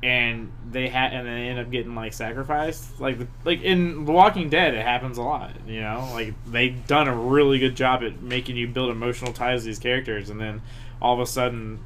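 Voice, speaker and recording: A man co-hosting a casual podcast chat, talking in an animated, loose way. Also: medium pitch, fairly quick, a little hiss or hum. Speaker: podcast co-host.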